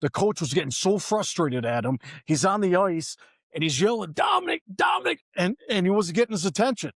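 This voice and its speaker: A man's voice: high-pitched, animated, brisk, no room sound, clean studio sound. A man hosting a podcast in casual chat, laid-back and swearing, often ending lines with "man". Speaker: podcast host.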